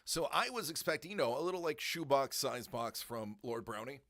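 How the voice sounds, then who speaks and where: A middle-aged man hosts a live-stream unboxing, chatting casually into a close desk microphone in a brisk, mid-range voice. He jokes, laughs often and exclaims with excitement.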